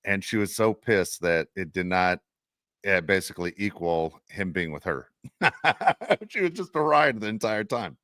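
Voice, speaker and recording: Teasing low-voiced man on a podcast. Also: lively intonation, measured pace, sharp tone, dry recording, studio quality. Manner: teasing, laughs while telling stories about friends. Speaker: podcast co-host. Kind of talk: casual chat.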